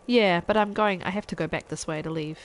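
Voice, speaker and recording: A woman's voice: on the low side, a little fast, slight background noise, rough recording. A woman from New Zealand, a parent, chatting casually with viewers while she streams gameplay. She laughs often and trails off mid-sentence. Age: adult parent.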